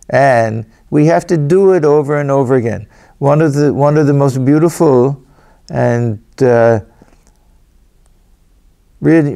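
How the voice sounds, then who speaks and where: Low gravelly-voiced swami commenting on scripture. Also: male voice. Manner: gentle, repeats phrases, frequent restarts. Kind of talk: reading with spoken commentary.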